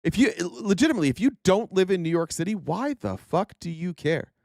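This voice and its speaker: A man's voice: sits high, big pitch swings, brisk, gravelly, darkish tone, dry recording, clean studio sound. A man hosting casual political commentary, sarcastic and profane, often mocking his opponents in mock voices.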